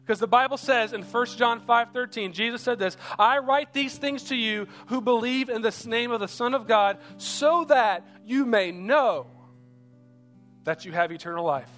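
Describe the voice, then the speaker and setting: High-voiced pastor preaching over soft guitar. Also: male voice, a little fast, few pauses. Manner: earnest, urging, repeats rhetorical questions. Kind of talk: sermon.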